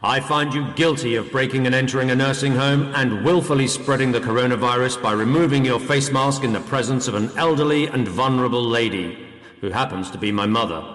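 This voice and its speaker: A man's voice: medium pitch, fairly bright tone, natural voice. A man doing a pompous, stern judge in a radio sitcom, handing down his sentence with dry self-importance. His voice rings out in an echoey room with a long reverb tail. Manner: pompous, exasperated.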